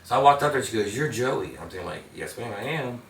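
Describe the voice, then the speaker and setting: A man's voice: mid-range voice, animated, quick pace, a bit bright, slight background noise. A man as an interview guest, telling rambling anecdotes in casual conversation. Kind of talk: casual storytelling. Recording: echoey room, mic at a distance.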